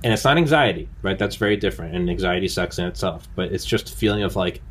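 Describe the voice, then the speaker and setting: A man's voice: deep voice, fast, a bit bright, a little hiss or hum. A man hosting a podcast, chatting casually and rambling through anecdotes. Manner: rambling, acts out quotes in anecdotes. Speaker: podcast host. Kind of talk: casual conversation.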